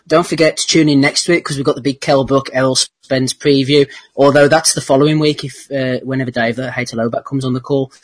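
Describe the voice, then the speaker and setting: A man hosting a casual podcast, briskly moving the talk along and wrapping up the episode. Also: mid-range voice, breathy edge. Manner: brisk, organized, moves the show along. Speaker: podcast host. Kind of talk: casual chat, wrapping up the show.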